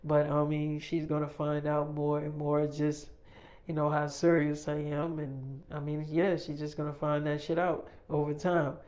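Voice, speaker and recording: A man's voice: on the high side, little pitch movement, moderate pace, a little mellow. A man telling a freestyle spoken story in a loose, rambling way, full of fillers and restarts.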